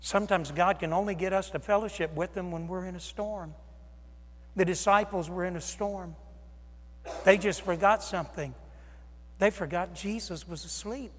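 A male pastor preaching a sermon, with dramatic swings from loud exclamations to hushed near-whispers. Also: high voice, moderate pace. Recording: long reverb of a large hall.

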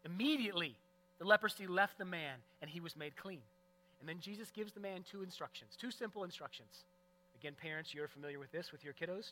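A male pastor preaching a sermon in an earnest, emphatic way, moving between loud stresses and hushed moments. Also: high voice, fast talker, poor audio.

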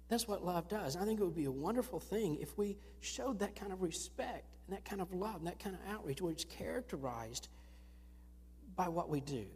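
A man's voice: sits high, breathy edge. Man preaching in a reverberant church. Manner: earnest, storytelling with lively rises. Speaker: pastor. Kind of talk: sermon. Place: church sanctuary. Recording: long reverb of a church hall.

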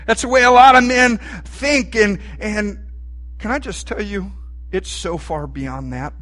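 A man delivers a sermon in a folksy, lively way, asking his listeners questions as he goes. His voice sits high for a man and sounds bright. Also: measured pace. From Texas. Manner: folksy and animated, asks the room questions. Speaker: preacher.

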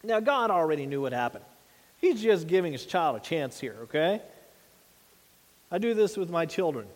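A man's voice: a little high, big pitch swings, normal speed, in a large hall. A man preaching a sermon in an earnest, conversational way, asking his listeners rhetorical questions. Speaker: pastor.

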